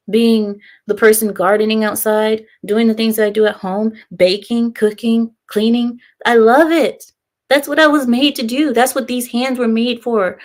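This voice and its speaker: Hosting a live stream, a young woman with a slightly high voice chats casually and states her opinions with emphatic conviction. She reads viewer comments from the chat aloud and often laughs between remarks.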